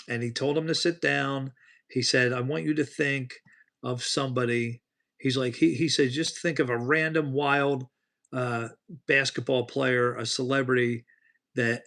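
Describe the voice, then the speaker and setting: Male livestream host, gravelly, rambling chatty storyteller. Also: mid-range voice, fairly bright tone. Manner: rambling storyteller, talks to chat by name. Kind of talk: casual livestream chat.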